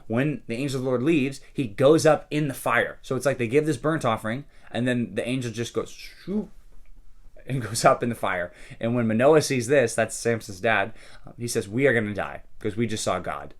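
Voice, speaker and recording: A man's voice: medium pitch, fairly quick. A man, a pastor, casually talking through a daily Bible reading and often checking in with listeners with "okay?" and "right?". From California.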